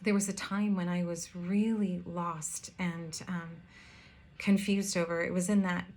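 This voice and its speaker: A woman's voice: fairly low pitch, level tone, darkish tone. Earnest woman preaching a sermon. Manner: earnest, heartfelt, with pauses and hesitations. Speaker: pastor.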